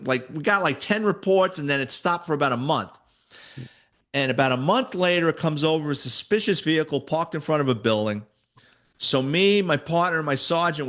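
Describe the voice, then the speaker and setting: Ex-cop new guy spinning stories, kinda high voice, swears a lot, lively. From New York City. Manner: animated storyteller, voices quoted people, swears casually. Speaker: retired police detective and author. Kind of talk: casual storytelling interview.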